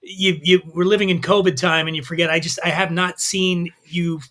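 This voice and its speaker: A man with a high, bright voice chats as a podcast guest and reads from his book. His telling is lively and irreverent, with a forceful edge. He swears freely. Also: moderate pace. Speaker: podcast guest, drinks writer. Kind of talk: casual chat and reading from his book.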